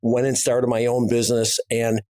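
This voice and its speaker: A man's voice: medium pitch, completely flat delivery, moderate pace, darkish tone, no echo, clean studio sound. A middle-aged man co-hosting a podcast, speaking bluntly and emphatically in a casual conversation. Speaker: podcast co-host, business owner.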